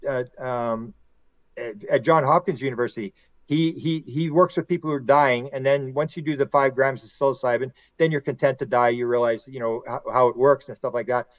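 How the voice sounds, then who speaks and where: A middle-aged man, a podcast guest and author, telling long stories in a rambling, animated way and acting out quotes. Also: medium pitch, dry recording, lo-fi sound. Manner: animated, rambling storyteller who acts out quotes. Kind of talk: casual conversational storytelling.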